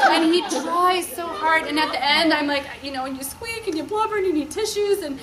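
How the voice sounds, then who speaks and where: A woman in her thirties chatting casually in a faith-based talk, animated and quick to laugh while telling stories. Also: extremely high pitch. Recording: echoey room with background noise.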